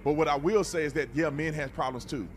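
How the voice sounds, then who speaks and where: A man's voice: on the high side, fairly even intonation, fast, a little hiss or hum. A man hosting a reaction video, talking bluntly and animatedly in a preachy, casual way and often repeating words.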